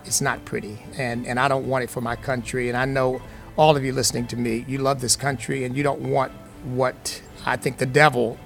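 Male radio host, middle-aged, gravelly, preacherly and emphatic with folksy turns. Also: mid-range voice, fairly bright tone. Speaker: radio talk show host. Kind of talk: call-in radio talk. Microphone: studio microphone.

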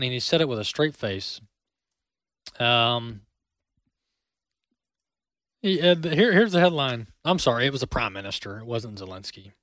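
A man hosting a talk show, giving sarcastic, animated political commentary into a close studio mic. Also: mid-range voice, normal speed, long pauses, dry recording.

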